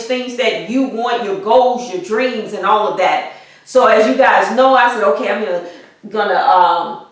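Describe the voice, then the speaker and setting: A woman vlogger telling a personal story in a halting way, repeating herself as she talks through grief and pushes on, over a weak microphone. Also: on the high side, distant mic. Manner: halting, repeats herself, grieving but pushing on. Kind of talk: personal vlog, emotional storytelling. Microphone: weak built-in microphone. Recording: echoey room, voice off-mic.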